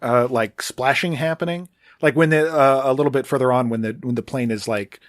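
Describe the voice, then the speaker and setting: A man co-hosting a podcast, talking in a relaxed, hesitant way with many fillers that trail off quietly. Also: medium pitch, brisk, dry recording, clean studio sound. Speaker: podcast co-host. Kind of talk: casual chat.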